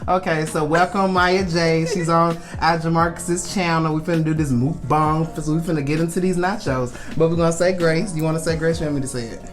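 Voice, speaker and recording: A man's voice: on the high side, steady tone, fairly quick, few pauses, faint music behind. A young man in his twenties, hosting a casual mukbang food vlog in a laid-back, chatty way and laughing easily.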